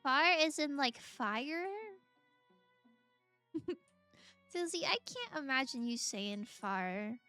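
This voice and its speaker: A giggly young woman chats with her viewers while streaming a game. Her voice is high, bright and sharp. She talks slowly, with wide swings in pitch. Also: faint music behind. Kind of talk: casual gameplay chat, reacting to viewers.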